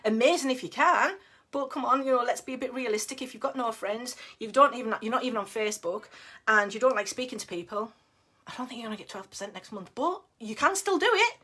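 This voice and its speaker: A woman's voice: a little high, pushed and bright. A middle-aged woman giving a casual, blunt motivational talk as a team leader, chatty and down-to-earth with frequent laughs. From United Kingdom. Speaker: network marketing team leader.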